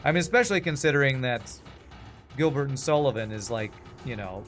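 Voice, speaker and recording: His medium-pitched voice is animated, a little fast, and fairly bright. He's an American-accented game streamer from Texas in his forties, chattily rambling through casual commentary and reading chat aloud over faint game music.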